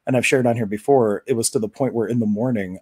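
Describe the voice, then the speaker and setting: A man hosting a live stream, talking casually about confidence and spiritual practice in a relaxed, rambling way with many fillers. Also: mid-range voice, fast talker, husky, no echo, studio quality. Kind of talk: casual spiritual talk to viewers.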